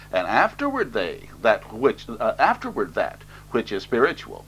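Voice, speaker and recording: Lively, bright-voiced male preacher. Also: mid-range voice, normal speed, few pauses, slight background noise, poor audio. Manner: reads scripture aloud, then explains it plainly with fillers. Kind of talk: expository Bible sermon.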